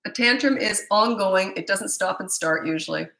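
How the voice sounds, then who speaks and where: A woman's voice: medium pitch, normal speed, vocal fry, bright, forceful tone, roomy sound, low-quality recording. A woman in her fifties, a parenting coach, answering viewer questions in a chatty, blunt way, with stammered restarts. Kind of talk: live Q&A answering viewer comments.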